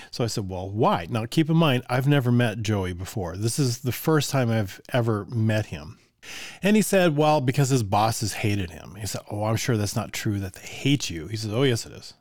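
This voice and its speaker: A man's voice: lowish voice, normal speed, no echo. Older man telling classroom stories, dry. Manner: relaxed, conversational, chuckles often, asides to listener. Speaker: orchestra teacher telling stories. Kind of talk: casual storytelling.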